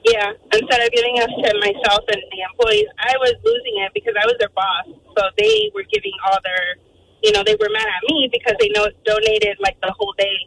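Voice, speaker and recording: Fast, animated woman caller on a phone line. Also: fairly high pitch, creaky. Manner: animated, quotes people in voices. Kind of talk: phone-in storytelling. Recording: phone line with faint noise.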